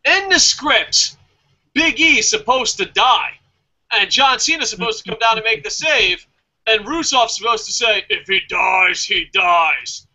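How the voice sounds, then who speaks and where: A man's voice: very high-pitched, normal speed, low-quality recording. A man co-hosting a casual wrestling podcast who tells jokey stories, acts out quotes in funny voices and swears freely. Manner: animated storyteller, acts out quotes, profane. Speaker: podcast co-host.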